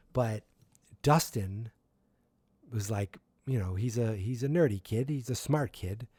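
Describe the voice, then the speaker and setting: A man's voice: medium pitch, mellow, no room sound. A man hosting a podcast, recapping an episode in a casual, rambling way with personal asides. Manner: chatty, rambling storyteller with asides. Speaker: podcast host.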